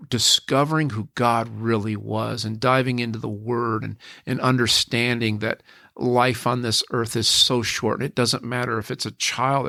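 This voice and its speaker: A man's voice: mid-range voice, gravelly, sharp tone, no echo, studio quality. A middle-aged man, a podcast guest, telling a personal story in an earnest, reflective way with frequent restarts.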